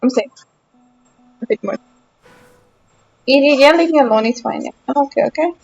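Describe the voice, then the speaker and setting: Lounging on her sofa at home, a young gaming streamer talks casually with her viewers while she plays. Her high, bright voice carries a gravelly, breathy edge at a moderate pace, and she answers chat out loud, playful and a bit defensive, in loose, unscripted talk. The lo-fi recording has soft music in the background.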